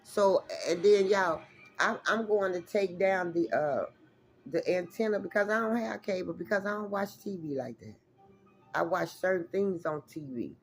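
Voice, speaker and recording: A woman vlogger with a lowish voice and a moderate pace tells her viewers a rambling, emphatic story in a casual style, cursing freely and addressing them as y'all.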